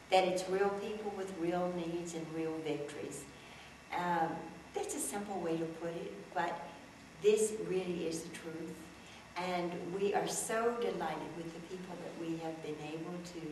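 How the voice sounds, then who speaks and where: Effusive woman hosting a TV talk show. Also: lowish voice. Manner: effusive, gracious welcoming. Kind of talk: TV interview. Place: TV studio. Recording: roomy, distant mic, faint noise.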